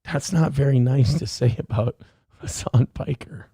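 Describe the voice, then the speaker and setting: Male host, rambling, crude humor, mid-range pitch, dry close-mic sound. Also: measured pace, warm tone, slightly rough, no echo. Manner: rambling, profane, joking. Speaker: show host. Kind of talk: casual livestream chat. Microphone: headphones on, desk mic.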